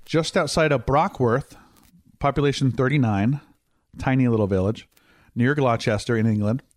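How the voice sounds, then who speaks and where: A man in a laid-back podcast conversation, mid-pitched and easygoing. He keeps slipping puns into his explanations and chuckles at his own jokes. The sound is dry, with no room echo. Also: moderate pace. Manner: joking, cheese puns, laughs easily. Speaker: podcast host. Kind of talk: casual podcast chat.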